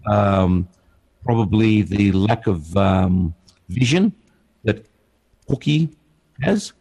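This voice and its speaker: A man's voice: on the low side, animated, slow pace, vocal fry, darkish tone, breathy edge. A man co-hosting a casual tech podcast with dry, sarcastic humor. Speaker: podcast co-host.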